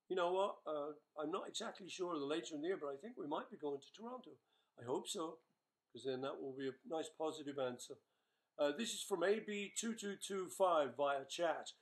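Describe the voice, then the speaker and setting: An older man answering fan questions in a casual live webchat, playful and chatty as he reads each question aloud. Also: fairly high pitch.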